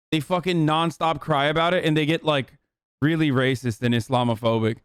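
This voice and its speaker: A man's voice: fairly high pitch, fairly bright tone, smooth, no echo. A man on a livestream talking in loose, profane, rambling casual chat into a close mic.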